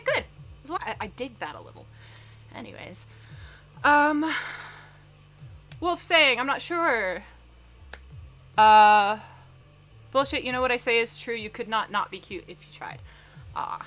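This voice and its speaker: A bright, forward-sounding young woman with a Southern US accent talks through her live stream. She rambles, reads out chat messages and pokes fun at herself, with faint music underneath. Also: a little high. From Southern United States. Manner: chatty, rambling, self-deprecating, reads chat aloud.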